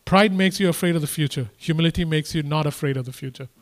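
Impassioned preacher man, fairly high voice. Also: fast talker. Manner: emphatic, repetitive, rising to impassioned exhortation. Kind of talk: sermon.

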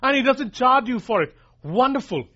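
A man with a notably high voice delivers an emphatic sermon, restating his key points and speaking straight to the congregation as "guys." The recording is dull and lo-fi, with the top end muffled. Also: expressive, moderate pace, a bit bright. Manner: emphatic, repeats lines for emphasis, addresses listeners as guys. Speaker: preacher.

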